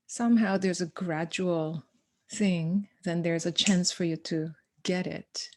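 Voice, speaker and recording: A woman guest on a podcast, an educator, telling stories in conversation in an animated way, acting out dialogue and laughing often. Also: fairly low pitch, slow pace. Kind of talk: conversational storytelling.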